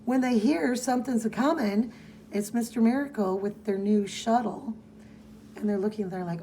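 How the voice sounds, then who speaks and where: A woman's voice: a little high, moderate pace, mellow, a little hiss or hum. A woman co-hosting a podcast, chatting casually as she recaps a comic and reads its dialogue in playful voices. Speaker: podcast co-host.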